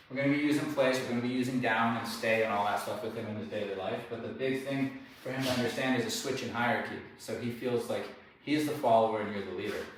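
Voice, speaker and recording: A man's voice: mid-range voice, fairly bright tone. Guy talking through dog training, keeps asking "all right?", far off mic, super echoey, faint hum behind. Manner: explanatory, checks in with "okay?" and "all right?". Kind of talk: hands-on training explanation.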